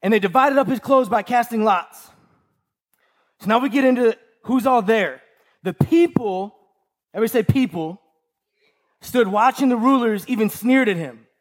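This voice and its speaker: A man with a strikingly high voice delivers a sermon. He preaches emphatically, circling back to repeat his key lines and checking in with the listeners through quick rhetorical questions. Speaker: pastor.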